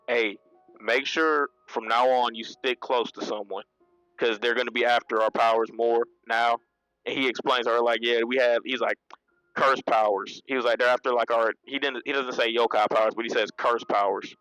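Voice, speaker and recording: A man's voice: medium pitch, a bit bright, clean tone, no room sound, rough recording. Laid-back man retelling a manga chapter. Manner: loose and conversational, laughs often, many restarts and slang. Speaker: manga reviewer. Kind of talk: casual spoken review, retelling scenes.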